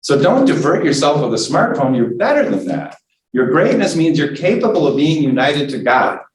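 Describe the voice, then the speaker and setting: A man's voice: fairly high pitch, recorded from a distance. A man teaching a church forum class in a conversational way, often checking in with "right?" and acting out inner voices. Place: church meeting room. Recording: roomy church space, voice from off mic.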